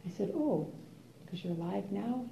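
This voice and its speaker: An older woman, a meditation teacher, giving an unhurried, musing dharma talk to a class, with soft laughs and pauses. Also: medium pitch, lively intonation, vocal fry, background noise. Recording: roomy, dull lo-fi room recording.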